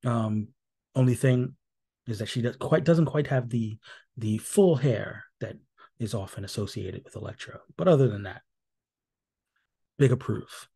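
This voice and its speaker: A man's voice: mid-range voice, measured pace, gravelly, long pauses, mellow, husky. A man hosting a solo podcast, talking casually and wryly with many fillers and self-corrections. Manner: dry and wry. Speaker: podcast host.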